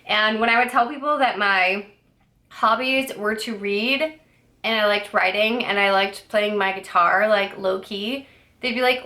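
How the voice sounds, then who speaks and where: Bright-voiced chatty young woman vlogging. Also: medium pitch, unhurried. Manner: rambling and chatty, full of "like" and "I don't know"; playfully sassy asides. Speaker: book vlogger. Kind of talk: casual chat.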